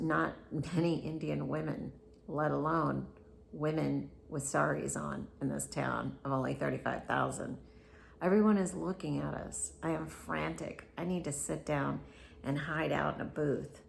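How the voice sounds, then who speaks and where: A woman casually reading a book aloud at bedtime, soft-spoken and sometimes dropping to a whisper. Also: low-pitched, fairly even intonation, a little slow, vocal fry, slight background noise.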